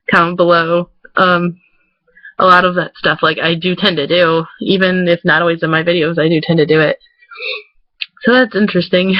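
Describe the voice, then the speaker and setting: A man's voice: sits high, no echo, highs cut off. A man from Michigan with a Michigan accent, chatting casually to the camera in a rambling vlog, full of "like" fillers. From Michigan, USA. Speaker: vlogger. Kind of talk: casual talking-head vlog.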